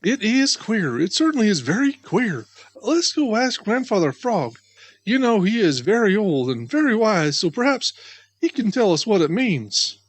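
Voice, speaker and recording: A man voicing an eager young male muskrat who calls out excitedly in a storybook reading. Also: high-pitched, normal speed, no room sound, pitched above the performer's own voice. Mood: worried. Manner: excited, calling out.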